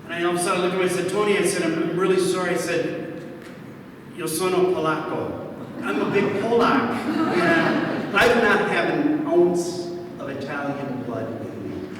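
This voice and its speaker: A priest in his sixties with a Milwaukee, Wisconsin accent, speaking on a panel, tells jokey stories to an audience, animatedly acting out the dialogue in a fairly high voice at a moderate pace. He's recorded from far off in a large, echoey hall, and the audio is noisy.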